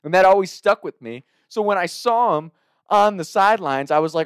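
A man's voice: a little high, lively intonation, moderate pace, smooth, no room sound, clean studio sound. A man from Northern Kentucky telling a story in a loose, casual way, laughing often and swearing freely.

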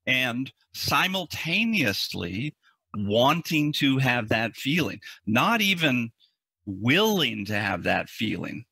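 An earnest male therapist explains his approach in a podcast interview. His voice is forceful and a little husky, and he often backs up to restart a phrase. The sound is close and dry. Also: medium pitch, sing-song, takes it slowly, no room sound. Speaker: anxiety therapist.

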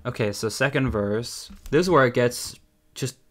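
A man's voice: mid-range voice, faint music behind. Sarcastic young man critiquing lyrics. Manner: sarcastic and critical, with quick asides. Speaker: YouTuber. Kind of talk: casual commentary on song lyrics.

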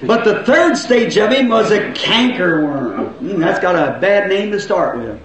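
A man preaching a folksy sermon, swinging between loud shouts and low asides. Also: lively intonation, a little slow, over a noisy crowd. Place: church. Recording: echoey, muffled old church recording.

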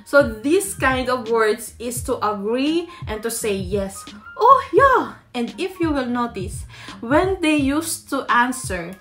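Lady teaching a language, talks slow and kinda high, soft music behind. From Philippines. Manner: explains step by step, counts off tips. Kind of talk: language tutorial to camera.

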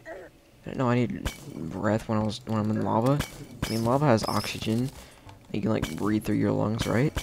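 A man casually narrating his own gameplay as the host of a game video, chatty and playful, with sudden excited shouts. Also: fairly low pitch, vocal fry.

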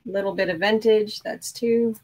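A woman's voice: mid-range voice, steady tone, normal speed, darkish tone, poor audio. A woman hosting a crafting show, chatting casually and upbeat while showing her projects.

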